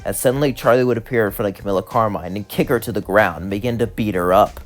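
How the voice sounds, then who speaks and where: Low-voiced male fan-story narrator. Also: quick pace. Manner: chains clauses with "as" and "would".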